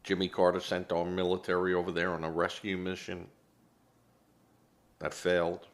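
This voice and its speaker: A man's voice: low-pitched, completely flat delivery, moderate pace. A man giving opinionated political commentary as host, rambling and hesitant, often correcting himself.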